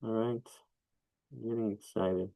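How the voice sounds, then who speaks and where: A man's voice: fairly low pitch, slow pace, dry recording, low-quality recording. A man teaching a live drawing lesson, talking casually to his students as he sketches and shades. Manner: relaxed, talks while sketching, coaching asides.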